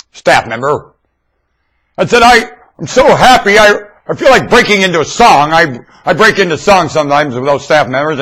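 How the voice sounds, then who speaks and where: A man's voice: fairly high pitch, fairly bright tone. A man rambling in a loose monologue to his webcam, stammering and repeating himself. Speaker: webcam vlogger. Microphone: webcam mic.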